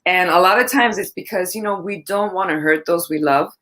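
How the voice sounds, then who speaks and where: A woman's voice: lowish voice, brisk, fairly bright tone. A woman hosting a casual interview, who encourages her guest and asks open questions. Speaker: host.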